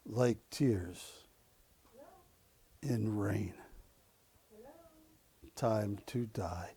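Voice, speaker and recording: A man quoting a film's dying android, speaking low, slow and hushed in a grave tone. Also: gravelly, husky, full character voice. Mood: solemn. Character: dying male android, solemn and weary.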